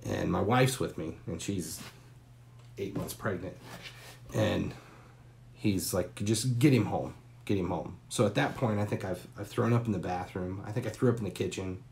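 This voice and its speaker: A man in his forties hosting a live stream, telling a long, candid and profane story with pauses and fillers. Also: low-pitched, creaky, a little mellow, slight background noise.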